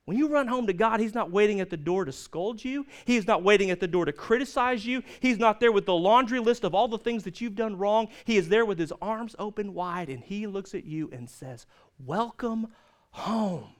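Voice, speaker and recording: A man's voice: high-pitched, a little fast, hardly any pauses. A man preaching a sermon as pastor, telling stories and jokes and asking the listeners questions.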